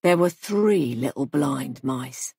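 A woman's voice: on the low side, expressive, normal speed, husky, dry recording, studio quality. A woman voicing a stern male police sergeant in an audiobook, speaking in a firm, clipped, probing way. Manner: firm, clipped, pressing questions.

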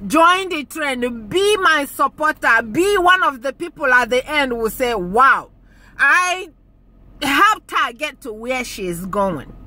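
Slow-spoken woman with a bright voice. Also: sits high, big pitch swings. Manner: emotional, earnest, repeats phrases for emphasis. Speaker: YouTube channel host. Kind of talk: heartfelt thank-you talk to viewers.

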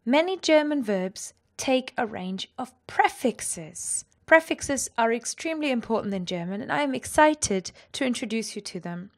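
A woman teaching a language lesson, explaining clearly and with lively energy. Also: on the high side, moderate pace, hardly any pauses.

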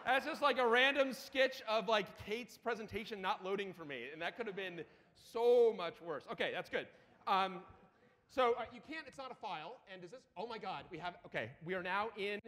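A man giving a live lightning talk at a conference while demoing a terminal, excitable and profane, with rapid asides. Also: sits high. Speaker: conference speaker. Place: conference hall. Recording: reverberant conference hall.

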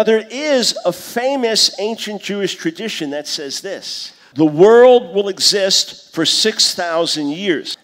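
A man in his fifties with a high-set voice delivers a conference lecture on scripture. He teaches in a lively way and slips into the voices he quotes. His words ring out with a long reverb off a large hall. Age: 50s. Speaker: conference speaker.

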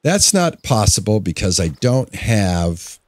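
Lively, chatty male gamer. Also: on the low side, slow pace, dry recording. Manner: chatty, jokey, talks to himself and the characters. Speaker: gamer playing through a farming game. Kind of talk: casual gameplay commentary.

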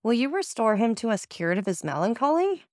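A woman's voice: a little high, very animated, brisk, a little mellow, dry recording, studio quality, pitched above the performer's own voice. A woman reading the lines of an affectionate, anxious young wife in an audiobook, earnest and pleading.

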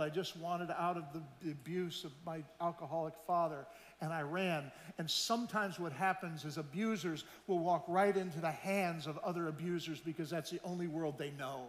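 A man's voice: on the high side, steady tone, normal speed. A man preaching a sermon in church, telling stories in a conversational way, quoting people and asking the congregation questions. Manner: conversational preaching, asks the audience questions, quotes people he met. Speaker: missionary speaker. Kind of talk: sermon with storytelling. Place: large church hall. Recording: roomy church hall reverb.

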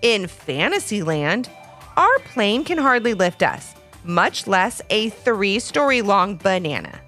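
A woman's voice: medium pitch, very animated, takes it slowly, sharp tone, faint music behind, heavily acted. A woman voicing a cautious father in a storybook, hesitant and wary. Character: cautious fatherly man, pilot.

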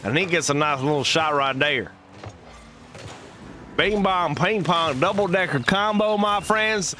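A man's voice: fairly high pitch, brisk, sharp tone, slight background noise, voice pushed up. A man doing a hyped Southern-accented caster. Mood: excited. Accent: put-on Southern US. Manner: hyped, goofy made-up slang. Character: folksy Southern-accented male game caster. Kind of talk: live esports commentary.

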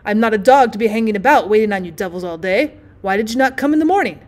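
Loud bossy doctor man yelling at a peasant, swings up and down a lot, read by a woman. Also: on the high side, big pitch swings, a little fast. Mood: scolding. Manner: loud, scolding. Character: gruff scolding male village doctor.

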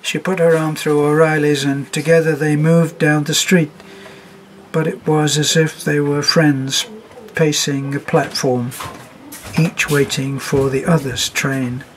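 A man reading a story aloud as narrator, in a measured, even manner. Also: a little high, a little hiss or hum, poor audio.

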